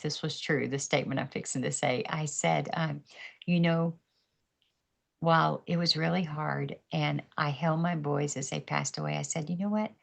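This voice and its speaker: A woman's voice: sits low, gravelly. A woman guest on a podcast, telling her story candidly with faith, laughing often and acting out other people's voices, heard over a video call.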